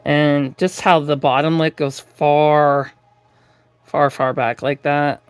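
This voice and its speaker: A woman's voice: low-pitched, little pitch movement, slow pace, smooth, no room sound. A woman chatting through a live doll-painting tutorial from her craft room at home, rambling with lots of fillers and restarts. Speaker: reborn doll artist streaming live.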